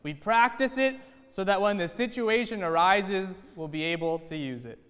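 A man's voice: high-pitched, moderate pace, a bit bright, smooth. A man voicing a stern but caring father who lectures his children on a life skill. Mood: solemn. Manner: lecturing, insistent. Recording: echoey church hall.

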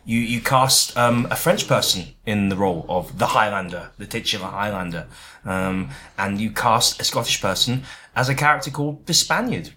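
A man's voice: fairly low pitch, moderate pace, bright, forceful tone. A man hosting a podcast, bantering playfully and riffing at length with lots of fillers. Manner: playful, rambling riffs with fillers. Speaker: podcast host. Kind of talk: casual comedic banter.

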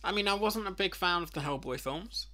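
A man's voice: high voice, a little fast, pushed and bright. A man co-hosting a podcast, chatting casually in an easygoing way and laughing often. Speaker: podcast co-host. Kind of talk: casual chat.

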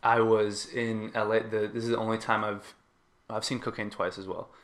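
A man hosting a casual podcast chat, relaxed, laughing along and swapping stories with his guest. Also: fairly low pitch, moderate pace. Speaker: podcast host. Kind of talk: casual conversation.

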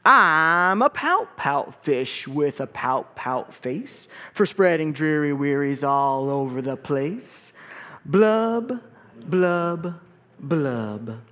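A man's voice: on the high side, expressive, bright, forceful tone, full character voice. A man putting on a glum pouting fish. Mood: glum, sing-song. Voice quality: mopey sing-song chant, drawn-out refrain. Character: glum, gloomy male fish with a permanent pout.

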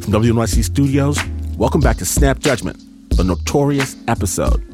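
A man hosting a radio show, reading credits and a teaser in a measured scripted delivery. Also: medium pitch, expressive, music in the background.

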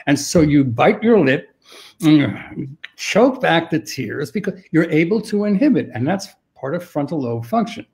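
Mellow-voiced man explaining thoughtfully. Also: on the high side, very animated, a little slow. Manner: thoughtful, with frequent restarts and stammered repeats. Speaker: dementia expert guest. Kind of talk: explanatory interview answers.

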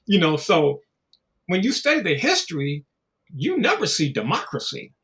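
A middle-aged man talking in a loose, casual conversation. His pitch swings widely as he tells stories, drops into slang and swearing, and mimics the people he quotes. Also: normal speed. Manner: animated storytelling, slangy and profane, acts out voices.

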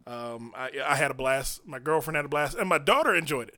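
High, bright-voiced excitable man. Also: brisk. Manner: excitable, laughs often, animated storytelling. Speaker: podcast host. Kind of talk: casual comedy podcast chat.

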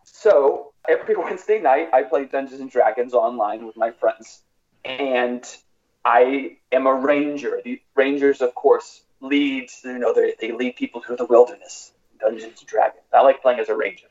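A man's voice: mid-range voice, moderate pace. A man co-hosting a casual sports podcast, telling a story with lots of energy and acting out lines. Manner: animated storyteller, laughs and acts out lines. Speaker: podcast co-host. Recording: dull lo-fi sound.

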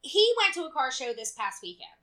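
High, lively woman telling stories. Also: fairly quick. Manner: animated storytelling, acts out dialogue, swears freely. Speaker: podcast co-host. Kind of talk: casual chat.

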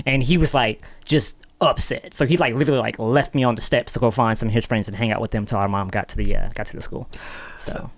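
A man's voice: mid-range voice, quick pace. A man, a podcast producer, telling a story in casual chat and acting out the voices in it. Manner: animated, acts out voices in his stories.

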